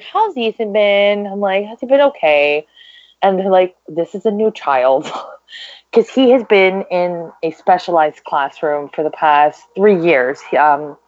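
A woman's voice: fairly low pitch, a little mellow, no room sound, muffled recording. A woman talking as a guest, chatty and upbeat with lots of fillers. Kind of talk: casual chat.

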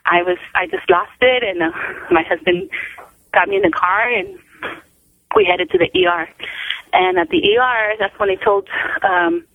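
Creaky-voiced woman on a tinny phone line. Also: sits high, very animated, no echo. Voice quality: creaky, gravelly. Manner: halting retelling with many fillers, acting out quoted dialogue. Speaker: guest, mother of a patient. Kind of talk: phone-in interview, personal story. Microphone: telephone.

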